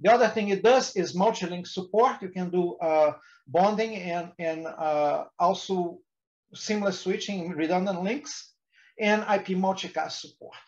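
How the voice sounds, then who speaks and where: A man's voice: high-pitched, a little slow, darkish tone, dull audio. A man giving a technical presentation to engineers, often restarting words and using fillers. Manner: hesitant, frequent restarts and fillers.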